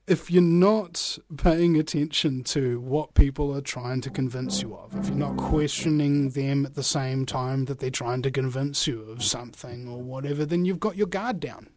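A man's voice: mid-range voice, normal speed, hardly any pauses, a little mellow. A man hosting a live talk radio show, speaking energetically and emphatically straight to his listeners. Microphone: studio microphone.

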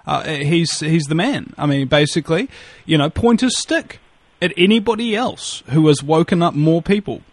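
A man with a New Zealand accent rambles and jokes on a radio chat, swearing freely and stumbling over restarts. His voice sits a little high for a man. The sound is close and dry, with no room around it. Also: animated, normal speed, no room sound. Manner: rambling, profane, joking, many restarts. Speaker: radio guest.

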